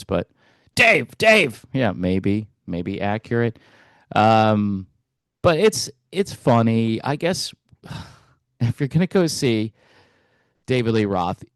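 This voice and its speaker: A man hosting a music commentary channel, talking in a relaxed, hesitant way with wry asides. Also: on the low side, no room sound, studio quality. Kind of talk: casual reaction commentary.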